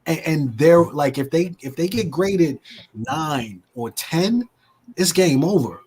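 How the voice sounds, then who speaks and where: A man hosting a casual chat, excitable and full of "yo" asides. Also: fairly high pitch, slow. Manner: excitable, peppers talk with "yo".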